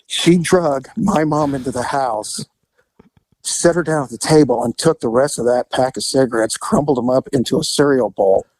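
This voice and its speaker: A man's voice: moderate pace, no room sound, rough recording. A man co-hosting a podcast, telling a family story in casual chat and acting out the people in it. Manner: animated storyteller, acts out quotes in high voices. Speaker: podcast co-host.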